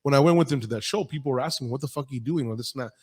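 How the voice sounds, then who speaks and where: Guy hosting a podcast, swears a ton, blunt and loud, voice rings out in a roomy reverb. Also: medium pitch, racing, breathy edge. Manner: blunt, heavy swearing, storytelling. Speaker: podcast host. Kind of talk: casual podcast chat.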